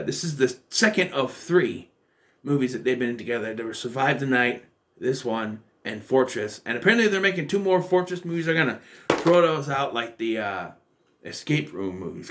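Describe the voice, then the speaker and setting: Male YouTube film reviewer, young adult, rambling and self-correcting, mid-pitched voice. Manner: rambling, self-correcting, acts out quoted lines. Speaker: movie reviewer.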